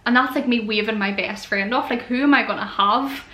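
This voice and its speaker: A woman's voice: a little high, fairly quick, bright, forceful tone. A woman in her twenties talking openly in a casual chat vlog, with lots of "like" as she goes. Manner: chatty and open, heavy use of "like". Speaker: vlogger. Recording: echoey room.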